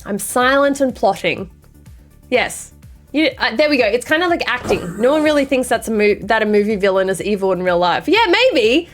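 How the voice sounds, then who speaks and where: A woman's voice: on the high side, big pitch swings, fairly quick, soft background music. A young woman streamer chatting casually with her viewers and reading chat aloud, with a dry, sarcastic sense of humor and sassy banter.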